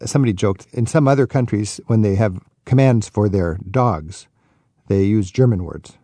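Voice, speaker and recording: Gravelly-voiced radio host. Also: male voice, fairly low pitch, normal speed, mellow, no room sound. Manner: chatty, enthusiastic, riffs with vivid anecdotes. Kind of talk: interviewing a guest on a radio talk show.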